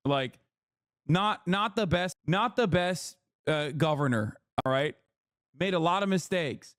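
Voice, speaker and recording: A man in his thirties reacts to a video as a streamer, blunt and sarcastic with plenty of swearing. His voice sits a touch high. The sound is close and dry, with no room around it. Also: lively intonation, measured pace, fairly bright tone, no echo. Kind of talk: casual reaction commentary.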